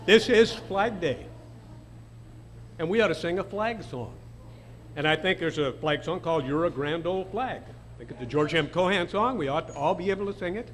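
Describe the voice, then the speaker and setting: A man's voice: sits high, normal speed, a bit bright, a little hiss or hum. An older man leading a dinner crowd in songs, telling jokes in a folksy, chuckling way. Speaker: song leader and emcee. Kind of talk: casual emcee patter and joke telling.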